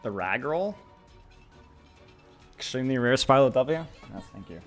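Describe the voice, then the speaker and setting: A man streaming a game and chatting casually with viewers, excitable and repeating phrases to psych himself up. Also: medium pitch, measured pace. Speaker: streamer and coach. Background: game music and sound effects.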